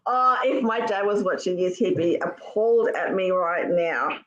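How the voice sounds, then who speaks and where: An Australian woman co-hosting a live stream over a video call, chatty and quick to laugh. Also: lowish voice, muffled recording. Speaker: livestream co-host. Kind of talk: casual live-stream chat.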